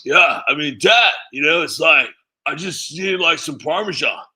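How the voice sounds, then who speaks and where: A man doing an impression of a laid-back young man with a slow surfer-bro drawl. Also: fairly high pitch, expressive, bright, forceful tone, pitched above the performer's own voice. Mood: mellow.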